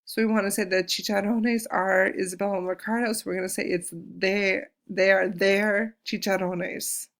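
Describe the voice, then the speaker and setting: Casting note: woman, Spanish teacher, gravelly edge, patient and clear, slows down to model words. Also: medium pitch, little pitch movement, a bit bright. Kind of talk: recorded classroom lesson.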